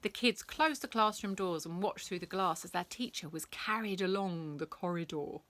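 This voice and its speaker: A woman reading a bedtime story, animated, acting out sound effects and dropping to whispers. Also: lowish voice, moderate pace, dry recording.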